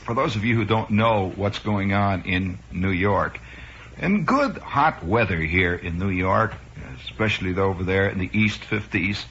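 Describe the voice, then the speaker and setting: A man's voice: lowish voice, measured pace, fairly bright tone, a little hiss or hum. A man in his forties from Chicago, a radio host rambling through a wry, improvised comic monologue. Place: radio studio. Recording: muffled 1960s radio broadcast.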